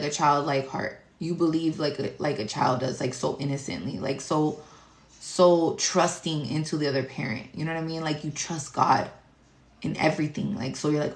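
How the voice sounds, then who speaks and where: A woman with a deep, low voice holds forth as a tarot reader, rambling through a spiritual monologue. She talks bluntly, swears a lot and leans on fillers. Her voice bounces around an echoey room. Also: a bit bright. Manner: blunt, heavy cursing, rambling with many fillers.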